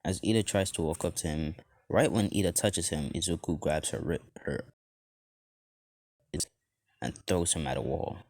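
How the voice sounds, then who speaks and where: A man's voice: low voice, moderate pace, pauses often, a little mellow, dry recording. A man casually narrating a fan-made story in a rambling, loose way full of fillers.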